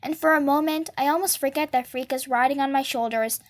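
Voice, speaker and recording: A woman reading a novel aloud in a lively first-person narration. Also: high-pitched, a little fast. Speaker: storybook reader.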